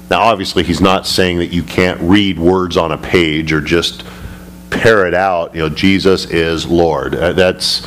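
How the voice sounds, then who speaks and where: A male pastor teaching a Bible study, speaking emphatically and climbing high when he retells scripture. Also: slight background noise. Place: church sanctuary.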